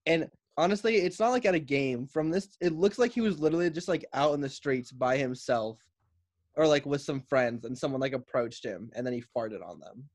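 A man's voice: mid-range voice, a little fast. A man co-hosting a comedy podcast, rambling and giggling, full of "like". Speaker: podcast co-host. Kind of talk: casual comedy podcast chat.

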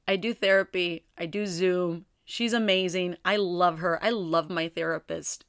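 A woman's voice: on the low side, fairly even intonation, unhurried, hardly any pauses, a bit bright, no room sound, studio quality. A woman hosting her own podcast, chatting candidly and rambling with self-deprecating humor. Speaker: podcast host. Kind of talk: casual solo podcast chat.

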